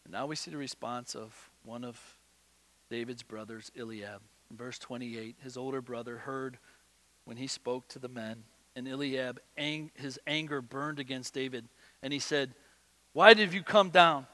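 A man preaching a sermon, swinging between loud emphatic bursts and quiet low asides. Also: steady tone, moderate pace, long reverb tail. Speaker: pastor.

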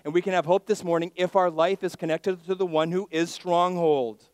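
A male pastor preaching a sermon, swinging from quiet asides to loud emphatic declarations and leading the congregation in call-and-response. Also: sits high, steady tone, normal speed, clean tone, no room sound. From Miami, Florida.

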